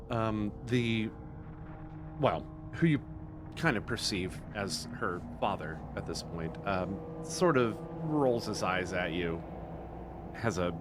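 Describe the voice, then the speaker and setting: Man, game master, low voice, halting, faint noise. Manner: hesitant, many fillers. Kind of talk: narrating a tabletop game.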